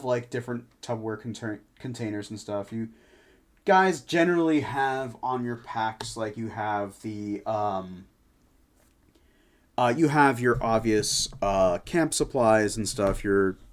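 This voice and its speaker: A man running a tabletop game on a livestream, easygoing and chatty with lots of filler. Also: mid-range voice. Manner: easygoing, chatty, laughs often. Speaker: game master.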